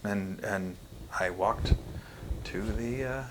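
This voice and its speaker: A young man speaking frankly and profanely on a casual podcast, halting often with fillers and restarts. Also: lowish voice, background noise.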